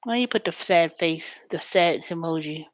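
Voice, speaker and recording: A woman's voice: lowish voice, normal speed, dry recording. Chatty woman host, dry close sound. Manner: chatty and storytelling, animated when quoting callers. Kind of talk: casual chat.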